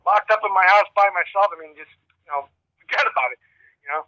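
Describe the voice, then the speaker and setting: A man's voice: high voice, fast talker, sharp tone, no room sound, dull audio. A man, a rock guitarist guest in a casual phone interview, rambling and swearing as he tells stories and laughs often.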